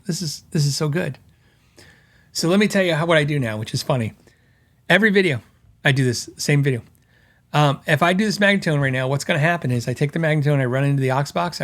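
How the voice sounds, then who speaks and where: A middle-aged man talks through his podcast in a loose, storytelling way. His voice sits a little high for a man, and he lifts it further when he imitates the people who complain to him. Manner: animated storytelling, mocking quoted critics in a raised voice. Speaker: host. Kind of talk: casual podcast monologue.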